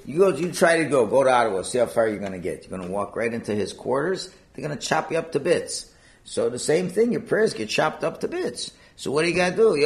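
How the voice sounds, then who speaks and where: A man's voice: fairly high pitch, animated, fast talker. A man leads a Talmud class, his voice swinging up and down as he works through the text. He fires off rhetorical questions and answers them himself, line by line. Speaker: Talmud teacher.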